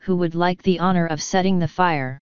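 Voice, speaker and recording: Bossy pompous male wizard , a woman narrator doing him, impatient, very clear and lowish. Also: normal speed, no room sound, muffled recording, natural voice.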